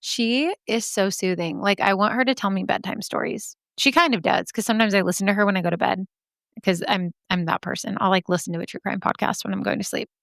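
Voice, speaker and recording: A podcast host with a brisk, gravelly, mid-range voice and a fairly bright tone chats casually and candidly about listener stories, swearing freely and laughing at herself. Her podcast microphone gives clean studio sound with no echo.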